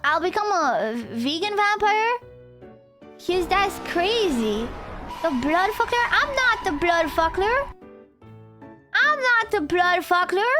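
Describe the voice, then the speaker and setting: A woman streamer chatting casually with her viewers, rambling and excitable, laughing often and saying "dude" a lot. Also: extremely high pitch. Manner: laughs often, trails off into restarts. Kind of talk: casual livestream chat with viewers. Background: faint background music.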